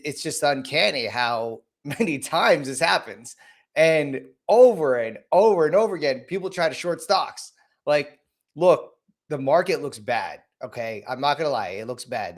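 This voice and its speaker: Male streamer host, hoarse from a cold, casual and blunt, repeats himself and restarts his sentences. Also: medium pitch. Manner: blunt and casual, greets viewers by name. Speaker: host of a market livestream. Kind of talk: casual livestream market commentary.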